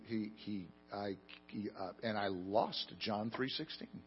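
A man preaching a sermon, telling stories with self-deprecating humor and swinging between loud emphasis and quiet asides. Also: fairly low pitch, moderate pace, husky, highs cut off. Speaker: pastor.

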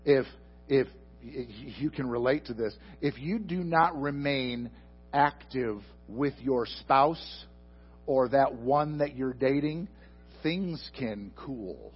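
A man preaching a sermon into a microphone before a congregation, asking them questions and swinging from loud emphatic bursts to soft, slow asides. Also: mid-range voice, slightly rough, lo-fi sound, faint music behind. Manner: addresses the congregation directly with questions. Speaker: pastor. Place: church sanctuary before a congregation.

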